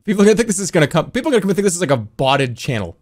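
A man's voice: sits high, very animated, racing. A man streaming a game live, talking casually with frantic, laughing outbursts. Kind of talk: live-streaming gameplay chat.

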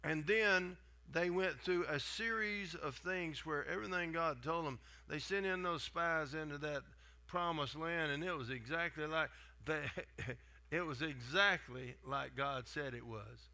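A man's voice: a little high, a little slow, bright, forceful tone. A man, preaching a sermon in a folksy, conversational way. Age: 70s. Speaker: guest preacher.

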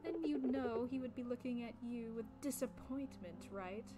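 A woman's voice: on the high side, normal speed, natural voice. A woman voicing an angry, scornful male priest as she reads game dialogue aloud. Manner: contemptuous, scolding.

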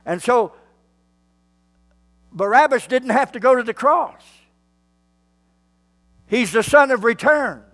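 A male pastor, preaching a sermon slowly and building to fervent shouts. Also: very high-pitched.

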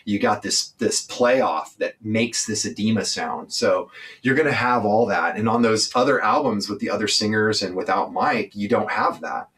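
A man from California answers interview questions in a fairly low voice. He talks bluntly and with emphasis, and he swears without holding back. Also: a bit bright. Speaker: interview guest, singer. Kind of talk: candid interview talk.

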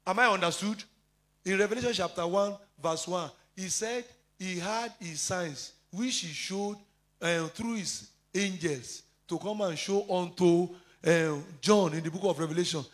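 High-pitched man preaching a sermon. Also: unhurried, fairly bright tone. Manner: preaching with scripture citations and personal testimony, frequent fillers. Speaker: pastor.

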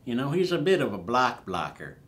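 A man's voice: medium pitch, big pitch swings, brisk, fairly bright tone. A man voicing a lewd, flirting wooden puppet man who cracks crude puns. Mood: leering. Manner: smarmy, punning, laughs at own jokes. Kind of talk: sketch character.

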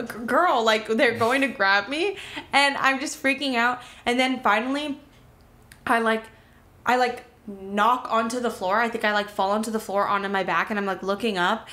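A woman from Miami telling a wild story in a casual podcast chat, rambling and full of filler words. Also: fairly high pitch. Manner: rambling, filler-heavy, animated retelling. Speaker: podcast co-host.

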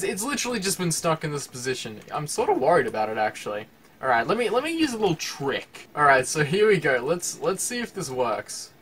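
Excitable man with a lively, high-ish voice. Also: breathy edge. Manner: excitable, laughs often, talks to game animals. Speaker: gaming channel host. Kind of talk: casual gameplay commentary.

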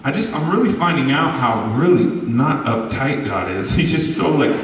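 A man's voice: fairly high pitch, animated, normal speed, recorded from a distance, a little hiss or hum. A man giving a loose, rambling testimony in an interview, laughing often, recorded from afar in a large hall. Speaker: guest musician.

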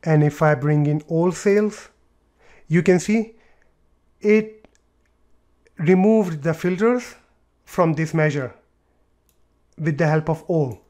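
Male tutor, higher-pitched, talks through each click plainly, light typing in background. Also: slow, pauses often, darkish tone. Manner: explains step by step with fillers and repeats. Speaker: tutorial presenter. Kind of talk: screen-recorded software tutorial.

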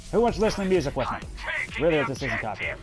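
A man giving excitable, swearing let's play commentary while gaming and talking to his teammates. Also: a little high. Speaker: gamer. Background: game music and sound effects.

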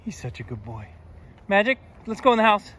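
A man's voice: high voice, sing-song, a little fast, a bit bright. A man hosting a dog vlog at home, chatting fondly and repeating commands to his dogs in the yard and house. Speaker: dog channel host. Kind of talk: casual vlog talk.

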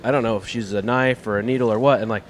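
A man's voice: medium pitch, fairly even intonation, fast talker. Teasing podcast guy, joking around, faint noise in the back. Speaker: podcast co-host. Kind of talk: casual chat. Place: busy convention hall.

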